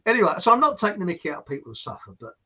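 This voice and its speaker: A man's voice: high-pitched, big pitch swings, very fast, sharp tone, husky. A man from England, hosting a podcast and telling a story in a rambling, jokey way full of asides. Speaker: podcast host. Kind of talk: casual storytelling chat.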